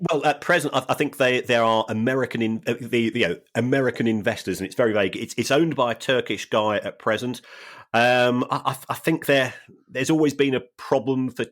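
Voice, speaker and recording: A man co-hosting a podcast, talking through football finances in a measured, wry way with frequent restarts. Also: mid-range voice, fairly bright tone. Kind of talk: casual chat.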